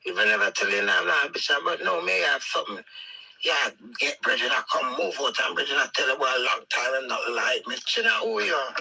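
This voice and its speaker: Scolding Jamaican woman, raspy and gravelly. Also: a bass voice, sing-song, fast talker, sharp tone, rough recording. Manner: heated, scolding, repetitive. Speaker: wife addressing her husband.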